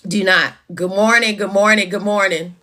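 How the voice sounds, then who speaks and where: A woman hosting a casual morning livestream, greeting viewers by name and calling them baby and honey. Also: moderate pace. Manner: lively, swings up high in exclamations. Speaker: livestream host.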